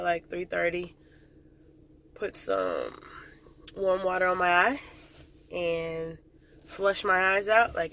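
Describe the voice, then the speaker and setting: A woman's voice: fairly low pitch, gravelly, fairly bright tone, slight background noise. A woman drill sergeant chatting casually in a vlog, dramatic and full of fillers.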